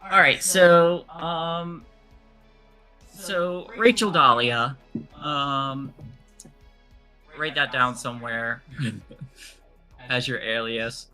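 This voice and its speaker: A man narrating as game master, halting and full of fillers and restarts. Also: medium pitch, sharp tone, faint music behind.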